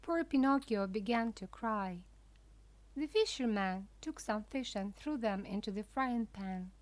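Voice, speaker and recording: A woman narrating a children's storybook for language learners in a careful, deliberate way. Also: mid-range voice, lively intonation, no room sound.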